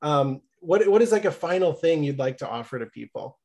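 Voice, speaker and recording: A man's voice: a little high, animated, fairly quick, dark tone. A man hosting a faith podcast, a friendly and affirming interviewer who closes the episode. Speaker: podcast host.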